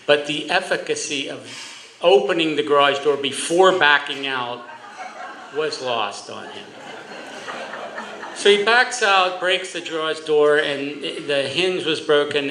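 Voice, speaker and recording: A man, a judge, giving a humorous roast speech for his father, telling stories with comic timing and deadpan asides. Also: medium pitch, reverberant, a little hiss or hum, rough recording.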